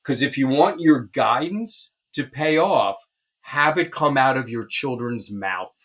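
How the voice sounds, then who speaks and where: A man speaking as a pediatrician guest, giving parenting advice with emphasis. He often pauses on fillers while he looks for words. His voice sits at an ordinary middle pitch for a man. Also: animated, fairly bright tone, slightly rough.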